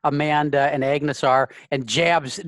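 A man's voice: a little high, fairly even intonation, measured pace, fairly bright tone, no echo. A man running a tabletop game as game master, narrating casually with frequent restarts and swearing.

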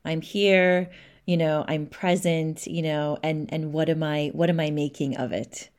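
Lower-voiced woman podcast host. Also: steady tone, unhurried. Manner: warm, affirming, laughs along often. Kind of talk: podcast interview.

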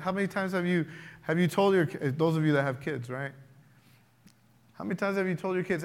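A man's voice: on the high side, expressive, normal speed, long pauses. A man preaching a sermon to his church, building emphasis in waves and acting out prayers and everyday objections. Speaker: pastor.

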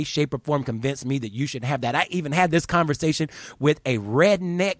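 A man's voice: fairly high pitch, no echo, studio quality. A man hosting a show, ranting in a heated, profane, exasperated way. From United States. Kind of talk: angry opinion rant.

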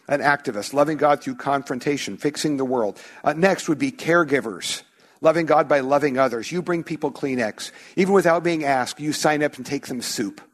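A male pastor preaching a sermon in a church, talking conversationally and acting out little quoted voices of his listeners. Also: fairly high pitch. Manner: conversational, animated with acted-out quotes.

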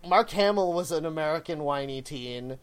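A woman co-hosting a podcast in casual chat, animated and quick to laugh, talking over the others. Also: low-pitched. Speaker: podcast co-host.

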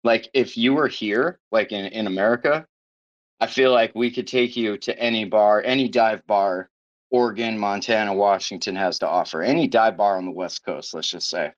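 A man's voice: lowish voice, normal speed. A man hosting a podcast in casual chat, sarcastic and profane, riffing loosely as he reads news aloud. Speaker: podcast host. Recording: dull lo-fi podcast audio.

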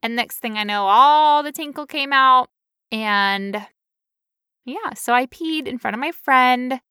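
Bright, crisp-voiced woman telling a story. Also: sits high, takes it slowly, dry recording, studio quality. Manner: animated storytelling with playful quoted voices. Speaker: podcast co-host. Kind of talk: casual chat.

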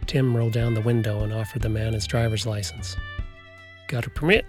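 Male audiobook narrator, low register, calm narration, light guitar bed. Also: fast talker. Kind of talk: scripted narration.

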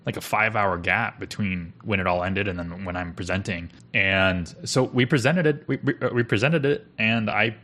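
A young man with a fairly low voice tells a story on a podcast. His delivery is casual and rambling, packed with fillers and restarts. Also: normal speed, few pauses, bright, forceful tone. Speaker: podcast co-host.

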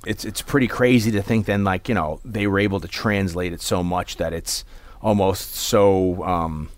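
In a dry recording, a podcast co-host speaks in a low, steady voice at normal speed. He chats casually, rambling along with plenty of fillers and restarts.

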